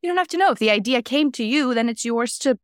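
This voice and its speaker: A young adult woman co-hosting a podcast, talking in an animated, casual way with lots of filler words. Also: a little high, fast, no echo, studio quality. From Iceland. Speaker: podcast co-host. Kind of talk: casual chat.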